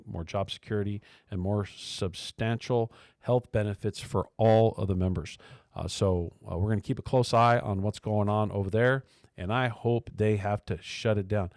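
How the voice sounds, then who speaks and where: A man's voice: lowish voice, darkish tone, dry recording, clean studio sound. A man hosting a casual labor radio show, talking loosely with lots of fillers, restarts and sarcastic asides. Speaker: talk show host.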